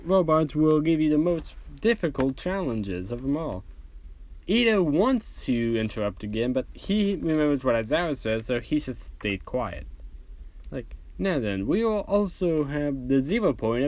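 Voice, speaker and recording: A man's voice: on the high side, sing-song, measured pace, a little mellow, no room sound. A man casually telling a fan-fiction story, rambling and using lots of fillers.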